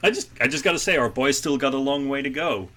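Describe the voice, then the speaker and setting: Bright-voiced man recapping an anime. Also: medium pitch, fast talker. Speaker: podcast co-host. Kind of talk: casual chat about anime.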